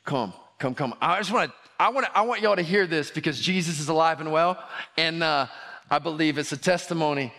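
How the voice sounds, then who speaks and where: A man's voice: fairly high pitch, fairly quick, pushed and bright. A man preaching as pastor, informal and encouraging, repeating his phrases. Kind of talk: sermon. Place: church sanctuary.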